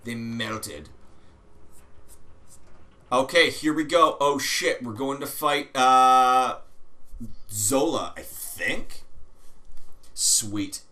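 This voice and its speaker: A man hosting a let's play, chatting casually over gameplay with sudden excited outbursts and swearing. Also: medium pitch, extremely slow, pauses often.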